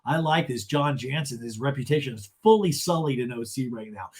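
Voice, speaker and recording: A man's voice: mid-range voice, animated, brisk, few pauses, darkish tone. A man hosting a podcast, wryly recapping a reality show episode in a casual way, full of "like". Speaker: podcast host.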